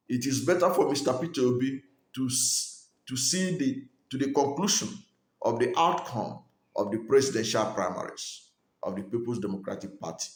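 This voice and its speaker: An earnest man from Nigeria delivers political commentary in a mid-pitched voice. He argues his point steadily, often pausing on fillers and restarting phrases, and the recording sits in a noticeably echoey room.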